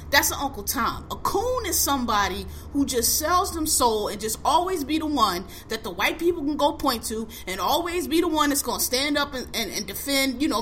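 A woman's voice: high voice, a bit bright, a little hiss or hum. A woman co-hosting a casual podcast discussion, ranting heatedly and profanely with heavy emphasis.

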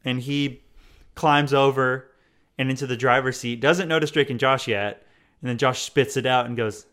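A man's voice: mid-range voice, steady tone, moderate pace, fairly bright tone. A young man co-hosting a podcast, casually recapping a TV episode with dry, easygoing remarks. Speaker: podcast co-host.

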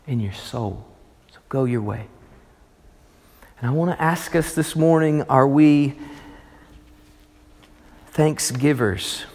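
Man preaching in an echoing hall. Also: a little high. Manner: emphatic, swings between loud and hushed. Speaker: pastor. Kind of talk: sermon. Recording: long reverb of a large hall.

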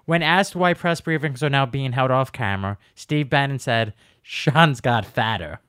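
A man's voice: medium pitch, lively intonation, normal speed, a bit bright, clear, resonant tone, no room sound. Chill podcast guy, laughs a lot, voice bounces around, dry mic. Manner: laid-back, laughs often, short replies. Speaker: podcast co-host. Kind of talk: casual chat.

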